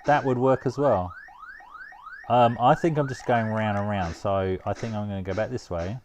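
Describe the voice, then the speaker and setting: A man giving casual, excitable commentary while playing a retro game, laughing often and talking to himself. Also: lowish voice, normal speed, a little hiss or hum. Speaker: retro gaming vlogger.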